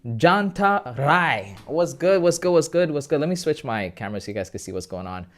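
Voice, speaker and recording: Young man, livestream host, excited casual chat, greets viewers, chatty. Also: a little high, moderate pace.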